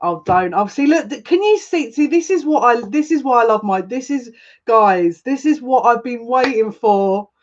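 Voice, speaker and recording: A woman giving a live-streamed tarot reading, chatting with viewers, emotional and gushing, with excitable quick restarts. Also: a little high, dull audio. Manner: emotional and gushing, easily moved. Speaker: psychic tarot reader.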